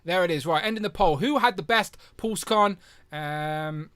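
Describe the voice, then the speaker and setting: Chatting casually on a live stream, a young man bounces between viewer comments, excited and joking around. He speaks at normal speed in a bright, crisp voice on the high side, captured dry and close to the mic.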